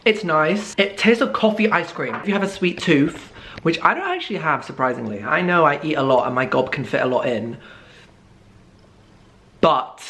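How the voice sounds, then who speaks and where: A man's voice: medium pitch, animated, normal speed, vocal fry, a bit bright. A young British man vlogging at home in a playful, camp, joking manner, often breaking into silly sung bits. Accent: British English. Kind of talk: casual comedic vlog.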